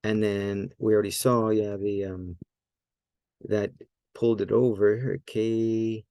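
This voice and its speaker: A man with a low, gravelly voice walks through a Greek grammar lesson in a loose, think-aloud way. He stops to correct himself and fills pauses with "um" and "yeah." His tone is dark and mellow, and the recording sounds dry and close. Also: little pitch movement, no echo. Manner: thinks aloud, self-correcting, many fillers. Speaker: Greek language teacher. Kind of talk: casual screen-share lesson.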